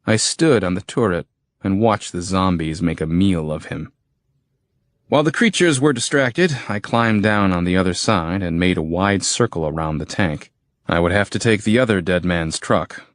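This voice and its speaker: A man narrating a first-person horror audiobook in a steady, terse storytelling manner, recorded close on a studio mic. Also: low voice, moderate pace, no echo.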